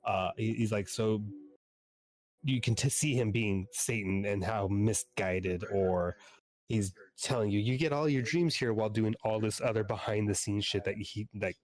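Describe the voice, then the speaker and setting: A man with a very low voice co-hosts a podcast in casual, rambling chat. He talks with loose enthusiasm and swears casually. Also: flat delivery, measured pace, a little mellow. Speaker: podcast co-host.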